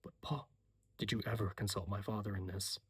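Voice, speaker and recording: Gentle worried mother, read by a man; whispered role-play, breathy. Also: on the low side, flat delivery, fairly quick. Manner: soft, gentle and hushed.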